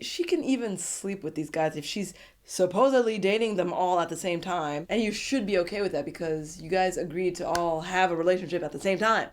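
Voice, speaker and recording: A woman giving a casual, animated, sassy recap of a reality show episode and laughing often. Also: on the low side.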